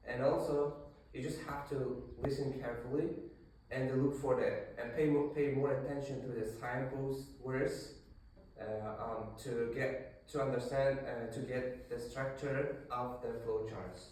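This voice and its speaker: A male English teacher leads a classroom lesson, explaining things step by step with fillers and restarts. His medium-pitched voice is fairly even, unhurried and a bit mellow, with slight hiss or hum. The room is very echoey and he is far from the mic.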